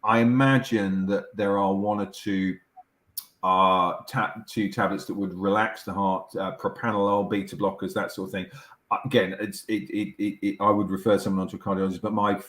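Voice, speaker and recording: A middle-aged doctor with a low, steady voice explains things patiently over a video call. He is measured and reassuring, often restarting his sentences. The sound carries a noticeable room echo. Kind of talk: explaining as an interview guest.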